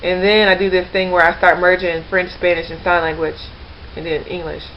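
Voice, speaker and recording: This language-learning vlogger talks a little fast to camera, her lowish voice level in tone. Her slightly dull lo-fi webcam audio carries a little hiss or hum, and her casual chat rambles with plenty of fillers and restarts.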